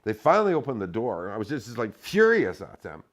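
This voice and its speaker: A man telling a story in casual chat, animated and profane, acting out the shouted lines. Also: lowish voice, fairly quick.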